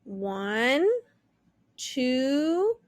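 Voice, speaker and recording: A woman voicing a proud, kind male rooster who calls out brightly and gives orders. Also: sits high, big pitch swings, drawn-out words, no room sound, studio quality, exaggerated voice. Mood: bossy.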